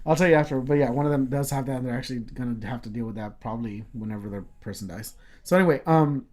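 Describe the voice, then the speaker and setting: A man's voice: medium pitch, fast talker, a little mellow. A man co-hosting a casual podcast, telling a long story with many fillers, restarts and swear words. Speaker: podcast co-host.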